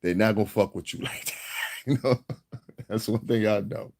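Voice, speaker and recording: A man's voice: on the low side, normal speed, gravelly, a little mellow. A man from the Northeastern US vlogging in a casual monologue, rambling and profane and chuckling often.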